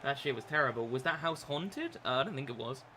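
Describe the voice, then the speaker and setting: A man's voice: medium pitch, expressive, fairly quick, noisy background. A young man chatting casually on a live stream while gaming, rambling with lots of fillers and restarts. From England.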